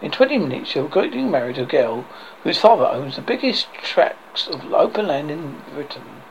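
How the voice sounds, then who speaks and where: A man voicing a gruff, bossy middle-aged king lecturing his son, on a dull lo-fi recording with faint hiss. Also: fairly high pitch, sing-song, moderate pace, voice pushed down. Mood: blustering.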